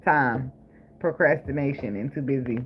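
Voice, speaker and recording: This tarot reader has a mid-range voice and speaks at a moderate pace. His casual reading is blunt and full of swearing and jokes, broken up by frequent laughter, over a noisy recording with clicks.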